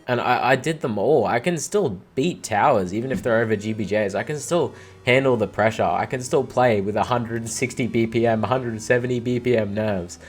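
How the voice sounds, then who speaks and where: A young man giving casual commentary on his own gameplay, rambling and excitable, full of "like" and "dude.". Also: medium pitch, brisk, hardly any pauses. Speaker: let's play gamer.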